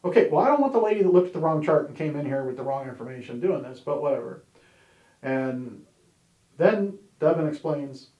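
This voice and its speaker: A man's voice: fairly high pitch, lively intonation, fairly quick, mellow, highs cut off. A man sharing his personal testimony in a candid, conversational way, with wry humor and plenty of "you know"s. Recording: roomy echo.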